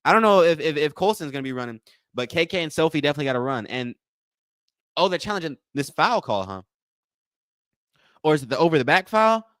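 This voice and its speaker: A man's voice: a little high, sing-song, quick pace, long pauses, a bit bright, dry recording, studio quality. A man hosting a live watch-along, giving casual play-by-play and chatting with viewers, often repeating himself and calling them y'all. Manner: repetitive, addresses chat as y'all, thanks donors. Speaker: livestream host.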